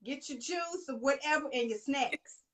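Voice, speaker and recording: High-voiced woman hosting a live show. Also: normal speed, very noisy. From Texas. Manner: upbeat, hypes viewers, says y'all. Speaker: interview host. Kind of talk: casual live show sign-off.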